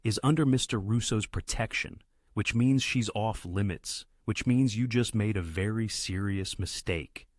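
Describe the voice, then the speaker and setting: A man voicing a gruff, cold but protective male bodyguard. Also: fairly low pitch, unhurried, dry recording, clean studio sound. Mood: stern.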